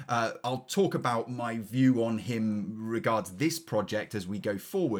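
A man co-hosts a film review podcast, his voice sitting at an ordinary middle pitch. He is wry and articulate, gliding from tidy read-out synopses into relaxed banter with the odd filler and restart.

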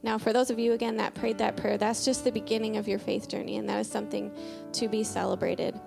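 A woman's voice: mid-range voice, level tone, quick pace, vocal fry, over music. A woman preaching and leading prayer in a conversational sermon, chatty and full of filler words, telling homely stories.

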